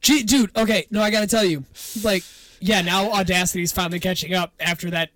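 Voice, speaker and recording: A man's voice: high voice, steady tone, a little fast, a bit bright. A young man co-hosting a casual podcast, teasing his partner with jokes and swearing. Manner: teasing, joking, laughs a lot, swears. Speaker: podcast co-host. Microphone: podcast microphone.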